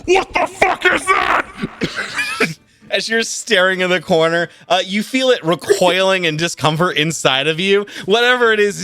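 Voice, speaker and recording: A man running a tabletop game as game master, talking over a voice call. He narrates with lots of fillers and frequent laughter. His voice is bright, a touch high and very lively in pitch. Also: dry recording. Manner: animated, laughs often, many fillers. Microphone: computer mic on a voice call.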